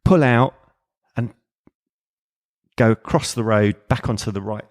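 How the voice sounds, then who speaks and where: A man's voice: on the low side, unhurried. A man co-hosting a podcast, telling a rambling anecdote that is peppered with swearing and laughter. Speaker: podcast co-host.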